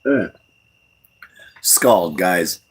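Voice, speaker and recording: Young Southern male streamer, slightly low voice, easygoing folksy chatter. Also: expressive, very slow, slight background noise. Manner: rambling, folksy, reads chat aloud, chuckles often. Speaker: livestream host. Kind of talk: casual livestream chat.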